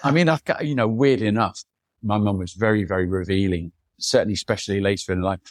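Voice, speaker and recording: A man with a low voice tells long, wandering personal stories in a relaxed interview. He slips into the voices of the people he quotes. The sound is dry and close, with no room echo. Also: quick pace. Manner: rambling anecdotal, mimics people in quotes. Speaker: photographer, podcast guest. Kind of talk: reflective storytelling in conversation.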